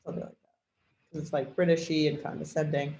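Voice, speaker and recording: A man's voice: on the high side, flat delivery, fast, vocal fry, darkish tone, slight background noise. Rambling man thinking aloud. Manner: rambling, hesitant, many fillers. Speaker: trainer demonstrating software. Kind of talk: thinking-aloud screen demo. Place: at a computer. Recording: echoey room with faint typing.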